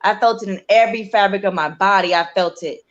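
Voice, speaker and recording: A woman's voice: mid-range voice, fast talker, highs cut off. Woman, interview guest. Earnest, emotional personal account with casual fillers, acting out quotes in an ordinary mid-range voice. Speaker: interview guest, bereaved mother. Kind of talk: personal story in conversation.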